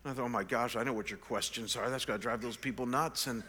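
A man in his sixties, a pastor, telling an animated, self-deprecating story in a sermon. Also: mid-range voice, fast, slight background noise. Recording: long reverb of a large hall.

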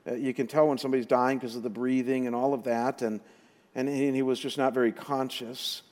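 A middle-aged man, a pastor, telling a personal story in a sermon with animated, emotional retelling and quoted dialogue. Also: mid-range voice, fairly quick. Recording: long reverb of a large hall.

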